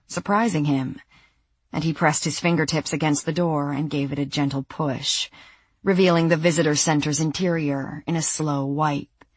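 A woman narrates a thriller audiobook in a husky, low voice. Her pace is slow and measured, with tension underneath. The sound is dry and close. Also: no echo. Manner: measured, tense storytelling.

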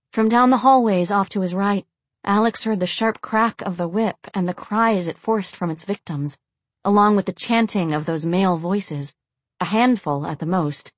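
Low-voiced woman narrating a dark story. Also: no room sound. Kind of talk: audiobook narration.

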